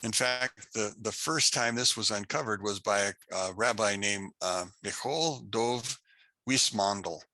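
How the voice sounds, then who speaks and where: A man teaching an unscripted Bible class, telling a story slowly and haltingly with many restarts. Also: lowish voice, pushed and bright, no room sound. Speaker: Torah teacher.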